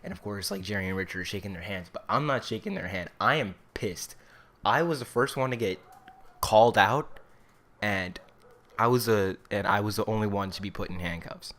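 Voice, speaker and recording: A man's voice: lowish voice, moderate pace, fairly bright tone. A young man in his late teens telling a story in a casual, rambling way, with lots of fillers. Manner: rambling, filler-heavy "like" delivery. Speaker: vlogger.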